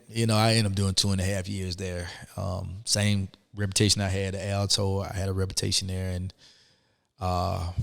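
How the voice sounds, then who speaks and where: A middle-aged man, a guest telling his story in an animated, emphatic way, full of "man" and "you know what I'm saying". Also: low-pitched, gravelly, in a large hall. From Atlanta, Georgia. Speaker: interview guest. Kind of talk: conversational storytelling.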